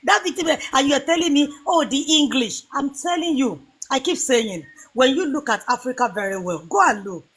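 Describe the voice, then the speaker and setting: A woman's voice: high voice, lively intonation, normal speed, few pauses, fairly bright tone. A woman from Nigeria with a Yoruba accent, arguing defiantly in a live stream and repeating her points like a lecture. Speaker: live debate participant. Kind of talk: heated live-stream argument.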